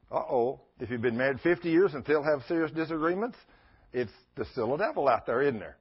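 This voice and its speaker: A man's voice: a little high, fairly quick, husky. A man preaching a sermon as pastor, telling folksy stories and acting out the voices in them. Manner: folksy storytelling with animated quoted voices. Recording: dull lo-fi church recording.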